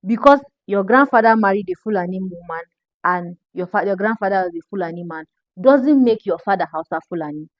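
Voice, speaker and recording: A Nigerian woman talks straight to camera in a lecturing, emphatic way, hammering the same point again and again. Her voice is mid-pitched and sounds dry and close, with no room around it. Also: expressive, a little fast, no echo, highs cut off. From northern Nigeria. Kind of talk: social media commentary.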